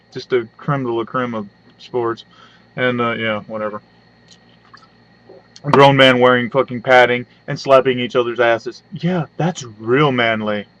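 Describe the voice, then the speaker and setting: A man's voice: mid-range voice, fairly bright tone, dry recording. Man ranting crudely into a webcam. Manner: crude, rambling, sarcastic, with hums and asides. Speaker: webcam vlogger. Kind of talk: profane comedic rant. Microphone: webcam mic. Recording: dull lo-fi webcam audio.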